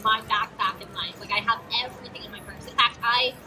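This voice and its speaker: A woman's voice: a little high, steady tone, quick pace. A teenage actress answering questions on a live stage. She talks in a bubbly, giggly way with lots of fillers. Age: teens. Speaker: guest actress. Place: auto show stage with a crowd. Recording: distant mic with loud music behind. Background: music.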